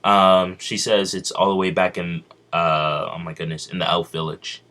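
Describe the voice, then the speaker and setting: Man, deep low voice, casual fan storytelling, rambling, halting. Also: completely flat delivery, pushed and bright.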